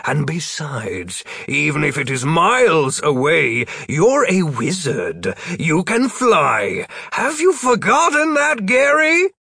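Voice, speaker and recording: A man puts on a prim, fussy wizard from a storybook, kindly but quick to scold. He speaks in a measured way, a little higher than a plain voice, with a gravelly texture. The sound is dry and close. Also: expressive, fairly bright tone, dry recording, full character voice.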